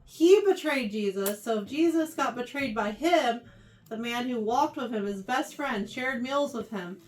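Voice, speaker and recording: A woman teaching a Bible lesson to a youth class, animated and often checking in with her listeners. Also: on the high side, measured pace. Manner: animated, keeps checking in with "right?". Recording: voice heard from far off the mic.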